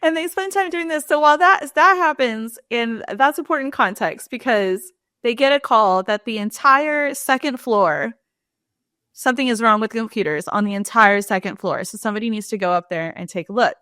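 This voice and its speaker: A woman co-hosting a podcast, retelling scenes in casual chat and jumping up in pitch when she acts out quoted lines. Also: moderate pace, bright, forceful tone, dry recording, studio quality. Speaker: podcast co-host.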